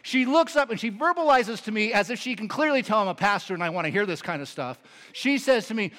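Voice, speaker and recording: A man, a pastor, delivering a sermon, moving between earnest teaching and animated storytelling. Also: sits high, quick pace, few pauses. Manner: animated storytelling with lively impressions.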